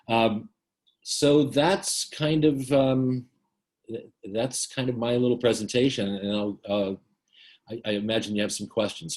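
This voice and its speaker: A man giving a book talk in a casual, halting way, full of fillers and restarts, telling stories with wry humor. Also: fairly low pitch. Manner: hesitant, many fillers and restarts.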